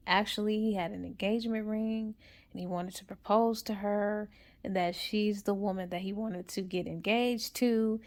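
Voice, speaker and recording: A woman casually retelling a novel's plot for a book review, in a rambling, chatty way. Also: mid-range voice.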